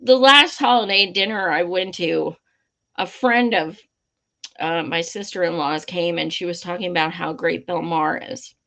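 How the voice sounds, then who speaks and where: A woman's voice: on the low side, steady tone, moderate pace, vocal fry, fairly bright tone. A woman hosting a live commentary stream, impassioned and blunt, swearing freely. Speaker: livestream host.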